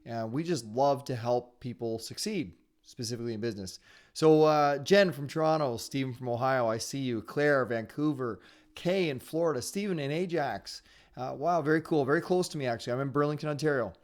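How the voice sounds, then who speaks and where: A man hosting a live online sales training webinar, talking fast in an upbeat, encouraging way. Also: medium pitch. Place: his home area in Ontario.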